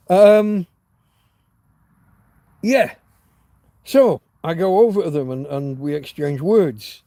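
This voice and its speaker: A man hosts an unstructured livestream, meandering through a story with frequent false starts and fillers. His voice sits a touch high but sounds warm and relaxed. The recording is dry and close, with little room sound. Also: measured pace, pauses often, dry recording. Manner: candid, swears casually. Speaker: livestream host. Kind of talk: rambling casual chat.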